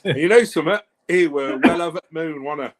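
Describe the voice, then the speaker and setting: A man co-hosting a casual live chat, relaxed and rambling. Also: fairly high pitch, fast. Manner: easygoing, laughs often, loose rambling phrasing. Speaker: co-host.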